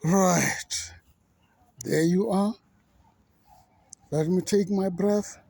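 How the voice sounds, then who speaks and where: A man who preaches as a pastor, giving an outspoken, measured monologue in a gravelly voice. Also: high-pitched, mellow. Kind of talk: reflective monologue.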